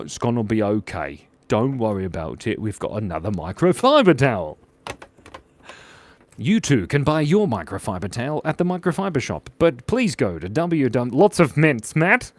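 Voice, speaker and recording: A man's voice: medium pitch, very animated, measured pace, no echo. A young man hosting a casual livestream, drawing requests and reading chat aloud in a playful, giggly way.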